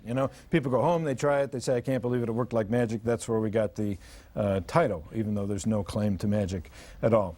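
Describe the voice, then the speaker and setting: A man's voice: medium pitch, darkish tone, slight background noise. An older man giving a live parenting seminar to an audience, telling humorous stories and acting out parents and children. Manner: humorous, storytelling, acts out parents and kids.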